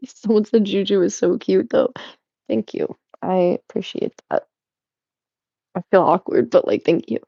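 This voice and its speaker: A young woman streaming, chatting casually with her chat and swearing a lot, animated and giggly. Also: medium pitch, unhurried, vocal fry, pauses often, husky, dry recording, lo-fi sound. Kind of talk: casual chat reading chat while cleaning.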